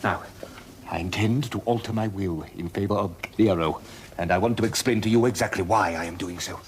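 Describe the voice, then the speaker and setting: An actor playing an aging Roman emperor, an anxious father who speaks in a measured, earnest way. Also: sits low, slight background noise, close to an everyday voice. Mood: urgent. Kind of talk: television period drama acting.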